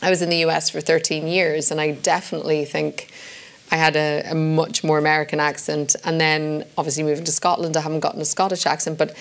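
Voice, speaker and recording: An Irish woman chatting in a live festival interview, animated and often laughing, rushing through her asides. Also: low voice. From Ireland. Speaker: guest actor. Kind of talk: conversational interview.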